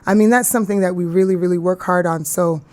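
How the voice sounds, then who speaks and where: A woman's voice: fairly low pitch, fairly even intonation, fast, darkish tone, no echo. A woman from Ghana, an actress, talking earnestly in an interview and laughing easily. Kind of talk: casual interview talk.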